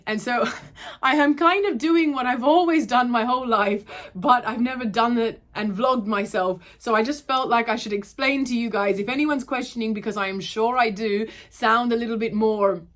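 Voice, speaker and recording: Indoors at home, a young vlogger talks to camera at a moderate pace, her voice a little high and a bit bright. She chats and rambles casually, her Australian accent drifting towards Irish, and she often loses track of what she was saying.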